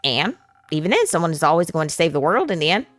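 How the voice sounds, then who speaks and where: Woman voicing a relaxed retired Southern old lady for a game, folksy drawl, lively pitch, dry sound. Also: fast, no echo, soft background music. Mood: folksy advice. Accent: put-on Southern drawl.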